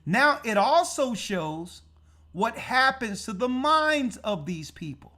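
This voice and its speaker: Church elder preaching prophecy, slow n emphatic, voice goes way up and down. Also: mid-range voice, very animated, sharp tone. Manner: emphatic, asks rhetorical questions. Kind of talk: prophecy teaching sermon.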